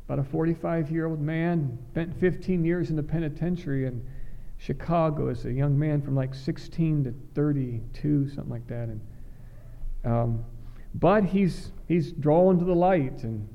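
A middle-aged man preaches in an earnest, halting way, often repeating words as he restarts his thoughts. His voice is gravelly with a slightly raised pitch. The recording is dull and lo-fi. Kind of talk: sermon.

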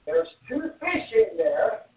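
High-pitched male preacher storytelling, roomy echo, far from mic. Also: slow pace, slight background noise. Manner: animated, wondering, fond of repeated "and"s. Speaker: preacher telling a children's Bible story. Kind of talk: storytelling sermon. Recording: distant echoey phone-like sound.

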